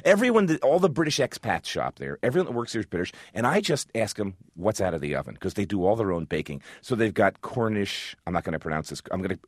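A man's voice: lowish voice, very animated, fast, hardly any pauses, no room sound, studio quality. A man talking about food in a casual, enthusiastic chat full of restarts. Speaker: food radio host, guest.

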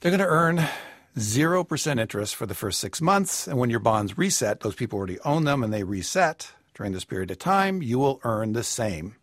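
A man giving personal finance advice on a radio call-in show, measured and explanatory with a wry touch. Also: mid-range voice, sing-song, a bit bright, dry recording, studio quality.

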